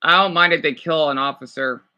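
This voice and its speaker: A man's voice: a little high, steady tone, a little fast, pushed and bright, clear, resonant tone. A man reacting to a video clip with heated, profane ranting, often stumbling and restarting. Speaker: reaction vlogger.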